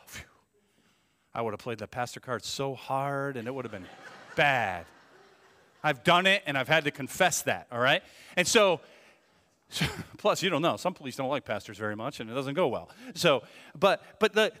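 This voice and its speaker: A male pastor preaching a sermon, swinging between loud emphasis and hushed asides. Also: on the high side. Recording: long reverb of a church hall.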